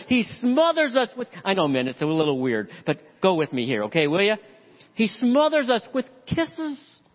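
A man preaching a sermon as pastor, animated and acting out voices in the story. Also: extremely high pitch. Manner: animated preaching, acts out the father's voice. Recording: dull lo-fi audio with long hall reverb.

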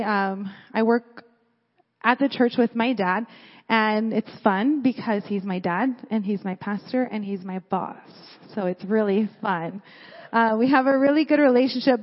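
Young woman, sermon, casual storytelling, fairly high voice, long hall echo, dull lo-fi sound. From California. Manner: casual storytelling with many "like" fillers. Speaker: church speaker.

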